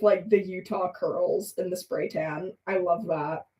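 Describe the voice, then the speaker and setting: A woman's voice: on the low side, unhurried, dark tone, far from the mic. A young woman chatting casually and rambling with giggles while she draws on a live stream. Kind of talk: casual chat while drawing. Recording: echoey room, voice off-mic.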